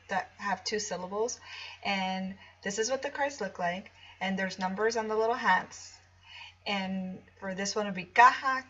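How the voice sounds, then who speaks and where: A woman's voice: mid-range voice, fairly bright tone, muffled recording. A woman teacher walking listeners through classroom activities in a chatty, explanatory way, with frequent ums and restarts. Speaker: teacher-author showing a product. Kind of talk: casual screen walkthrough.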